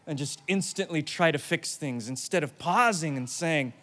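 Male pastor, high voice, lively and jokey sermon delivery. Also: moderate pace. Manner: playful, animated, acts out quotes.

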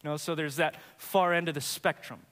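A man's voice: on the high side, fairly even intonation, fairly quick, fairly bright tone, in a large hall. A man preaching a sermon as a pastor, emphatic and building in intensity as he teaches from scripture.

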